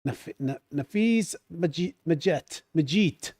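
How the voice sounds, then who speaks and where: At a moderate pace and medium pitch, a man talks casually on his live stream, recorded dry at studio quality. He reads out chat, restarts his sentences often, and fills gaps with filler words.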